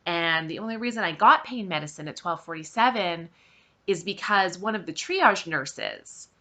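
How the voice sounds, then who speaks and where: A woman's voice: lowish voice, lively intonation, moderate pace, pushed and bright. A woman hosting her own vlog, telling a personal story to camera in a candid, emphatic and exasperated way. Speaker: vlog host.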